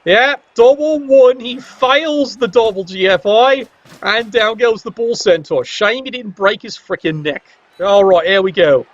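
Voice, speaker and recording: A man's voice: high voice, measured pace, slight background noise. A man doing casual play-by-play commentary on a fantasy sports match, wry and joking with a playfully biased slant. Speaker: game commentator. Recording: dull lo-fi recording.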